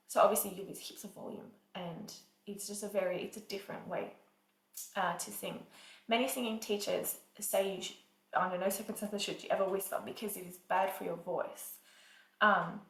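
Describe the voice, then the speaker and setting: A woman's voice: mid-range voice, vocal fry, fairly bright tone. A woman teaching singing in a casual, chatty way, often saying "like" and "um" as she explains. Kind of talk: casual vocal lesson. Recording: echoey room.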